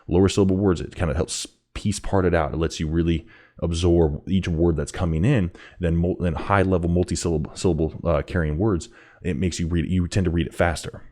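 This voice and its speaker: A man with a very deep voice gives casual reaction commentary on a rap song. He talks in halting bursts, repeating words as he thinks aloud, and his pitch leaps up when he gets excited. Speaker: music reaction host.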